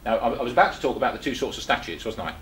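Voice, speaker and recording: A man's voice: medium pitch, expressive, rapid-fire, a bit bright, echoey room, slight background noise, low-quality recording. An older man from England giving a chatty talk to a small group, full of rhetorical questions and restarts. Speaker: presenter. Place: meeting room.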